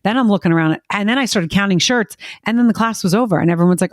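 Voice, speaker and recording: A woman's voice: medium pitch, quick pace, few pauses, no echo, clean studio sound. A middle-aged woman talking candidly as a podcast guest, emotional and rambling, often breaking off and restarting her sentences. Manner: emotional, rambling, self-interrupting. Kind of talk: candid conversational interview.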